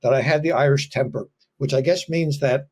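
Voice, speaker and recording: A man who serves as a fire officer, a guest in an interview, speaking calmly with halting restarts. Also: medium pitch. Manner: calm and measured, with halting restarts. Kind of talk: casual interview talk.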